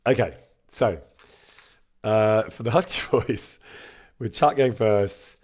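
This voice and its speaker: A man's voice: on the low side, slow, a little mellow, breathy edge. A man chatting casually on a live stream, reading out viewer messages and laughing often.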